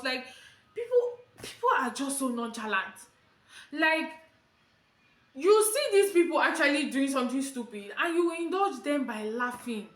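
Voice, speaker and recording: A woman's voice: sits high, echoey room. A young Nigerian woman vlogger with a Nigerian accent, telling a storytime tale and acting out quotes. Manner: animated storytelling, acting out quotes in Pidgin and Yoruba. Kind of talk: storytime vlog.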